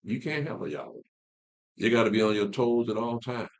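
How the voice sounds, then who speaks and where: A man's voice: medium pitch, fairly quick. A man leading a Bible class, talking casually, asking rhetorical questions and repeating words as he explains. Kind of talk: casual teaching talk.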